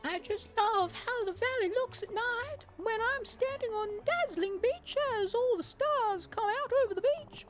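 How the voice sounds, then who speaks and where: A woman's voice: very high-pitched, expressive, measured pace, hardly any pauses, music in the background, voice pushed up. Minnie: sweet cartoon mouse girl, as a woman puts her on. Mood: dreamy.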